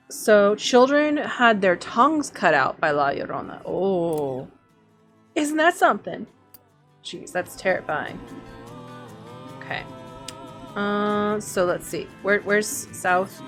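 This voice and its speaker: A woman's voice: medium pitch, fairly bright tone. A woman streaming a video game, chatting casually and thinking aloud as she plays. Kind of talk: let's-play commentary.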